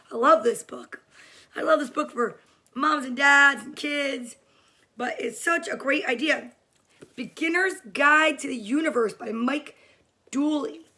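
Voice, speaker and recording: Woman host, high clear voice, unhurried, chatty and upbeat, home webcam feel. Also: pushed and bright. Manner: upbeat and chatty, greets viewers by name. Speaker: host of a daily kids' livestream. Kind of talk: casual livestream chat to viewers. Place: home room during quarantine.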